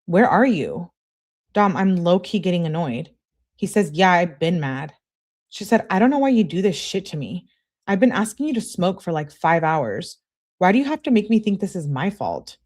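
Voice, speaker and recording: A woman's voice: fairly low pitch, a little mellow. A woman hosting a livestream, casually reading text messages aloud and saying who says what before each one, with her own comments in between. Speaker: livestream host.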